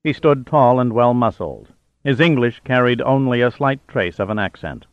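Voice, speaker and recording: Man, audiobook narrator, steady, middle pitch, dry, slightly muffled sound. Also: moderate pace, no room sound. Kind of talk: scripted narration.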